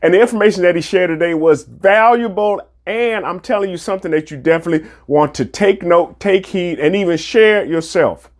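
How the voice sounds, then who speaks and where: A man's voice: high-pitched, a little fast, few pauses. A man hosting a podcast, speaking with enthusiasm and affirming his guest with short interjections. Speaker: podcast host. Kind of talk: casual podcast chat.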